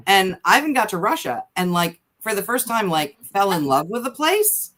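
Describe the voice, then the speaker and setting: A woman writer on a podcast as a guest, talking quickly and thinking out loud in casual conversation with many fillers. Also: high-pitched, big pitch swings.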